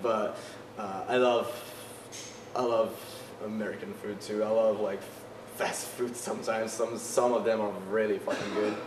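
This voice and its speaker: A young man with a French accent, a band vocalist chatting in a casual interview, halting and full of fillers and restarts. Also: on the low side, flat delivery, recorded from a distance, noisy background. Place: concert venue backstage. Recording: echoey, off-mic, loud music behind.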